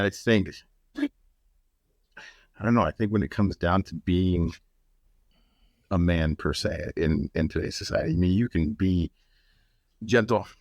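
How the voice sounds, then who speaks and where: A male podcast guest with a very deep, low voice who speaks bluntly and frankly and swears casually. The recording is close and dry, with no room sound. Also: darkish tone, no echo.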